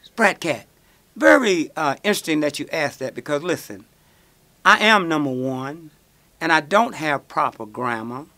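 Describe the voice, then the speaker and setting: Animated storytelling man. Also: on the high side, moderate pace. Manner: animated storyteller, acts out quoted voices. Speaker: radio show host answering listener questions. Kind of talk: storytelling call-in answers.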